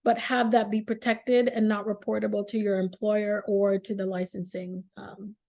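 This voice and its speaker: A woman's voice: mid-range voice, level tone, moderate pace, vocal fry, mellow. A middle-aged woman surgeon, a guest speaking earnestly on a virtual seminar over a video call, with frequent "um"s. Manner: earnest, many fillers.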